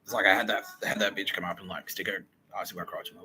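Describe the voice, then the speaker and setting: A man's voice: low voice, little pitch movement, rapid-fire, sharp tone, a little hiss or hum, rough recording. A man hosting a podcast, telling a wild story in a rambling, profane comic monologue with frequent laughter. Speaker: podcast host.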